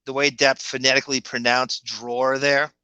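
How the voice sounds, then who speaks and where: This man speaks with a Long Island accent and a bright, forceful tone as he co-hosts a podcast. He rambles along and chuckles as he goes. His voice is recorded dry and close, with no room echo. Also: medium pitch, level tone, clear, resonant tone. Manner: rambling, chuckling, slips into quick impressions. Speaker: podcast co-host. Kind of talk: casual commentary chat.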